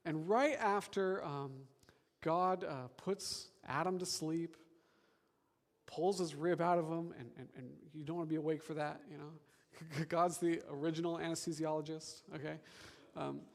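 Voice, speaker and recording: A man preaching a sermon as pastor, animated and chatty with the congregation. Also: a little high, measured pace. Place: church hall. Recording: long reverb of a church hall.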